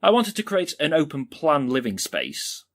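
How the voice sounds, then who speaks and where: A man's voice: a little high, wildly swooping pitch, moderate pace, a bit bright, heavily acted. A man playing an overeager, pushy home makeover TV host, with a theatrical presenter's delivery. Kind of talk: sketch comedy acting.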